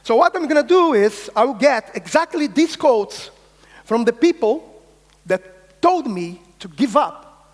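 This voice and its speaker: High-voiced man keynoting in a reverberant hall. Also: a little slow. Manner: energetic, insistent, swears, acts out quoted voices. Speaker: keynote speaker. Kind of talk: conference keynote talk. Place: large conference hall.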